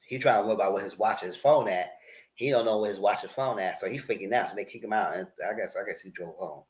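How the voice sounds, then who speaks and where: Fast and fairly low-pitched, a TV show reviewer runs through a TV episode in a laid-back live recap. He keeps up a chatty, direct conversation with his viewers while animatedly acting out what the characters say, quotes and all.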